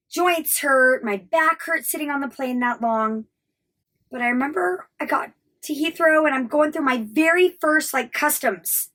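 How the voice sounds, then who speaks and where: A woman's voice: sits high, fairly bright tone. An American woman in her thirties telling a personal travel story, candid and emotional, swearing freely. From United States. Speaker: travel vlogger.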